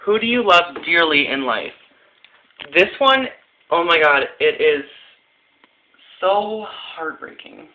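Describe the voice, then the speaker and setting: A man's voice: on the high side, lively intonation, takes it slowly, long pauses, pushed and bright. A young man vlogging casually into a phone, giggly and rambling with lots of fillers. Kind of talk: casual tag video chat. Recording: tinny phone-quality audio.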